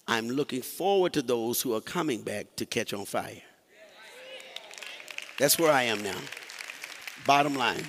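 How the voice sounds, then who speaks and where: A man's voice: mid-range voice, fairly bright tone. A pastor preaching a sermon to his congregation in a church, folksy and joking, with asides and call-and-response. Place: church sanctuary. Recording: long hall reverb.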